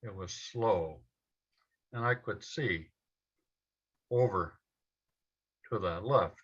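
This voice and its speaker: Slow, bright-voiced male storyteller. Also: fairly low pitch, slightly rough. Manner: slow, measured telling in short phrases. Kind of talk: personal story told to a live audience. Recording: dull lo-fi event recording.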